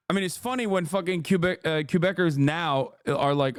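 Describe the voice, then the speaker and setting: A man's voice: on the high side, moderate pace, few pauses, clear, resonant tone, dry recording, clean studio sound. A man streaming live, reacting in casual chat, incredulous and profane as he reads out chat messages.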